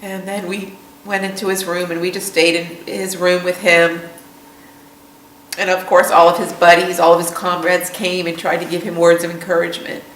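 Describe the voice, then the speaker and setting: A middle-aged woman, a veteran's mother, telling her story in a documentary interview in a somber, halting way. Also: lowish voice, level tone, a bit bright, reverberant, far from the mic, a little hiss or hum, rough recording.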